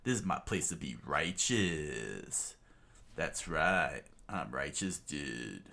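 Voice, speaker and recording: A man reading a comic aloud plays a defiant young pirate hero in near his own deep voice. The talk is slow and casual, full of dudes. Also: very animated, creaky, bright, forceful tone, exaggerated voice. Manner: casual, says dude.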